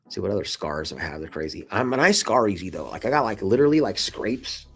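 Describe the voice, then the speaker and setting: A man's voice: fast, husky, faint music behind. A man in his twenties telling a casual story to camera, swearing freely and calling the listener dude and bro. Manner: acts out quoted lines in a much higher excited voice. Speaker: vlogger. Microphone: camera mic, showing scars to camera.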